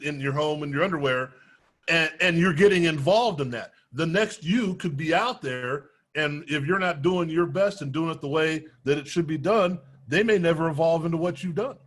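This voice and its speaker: Male sports show host, slightly high voice. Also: fairly quick. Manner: conversational, affirming with short replies. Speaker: interview host. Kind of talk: casual interview talk.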